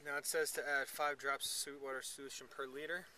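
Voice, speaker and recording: A man talks casually on a hiking trip and explains each step as he goes. His pitch sits in the middle. Clear outdoor noise runs under his voice. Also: flat delivery, fairly quick. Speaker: hiker filming a trip. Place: outdoors on a mountain trail.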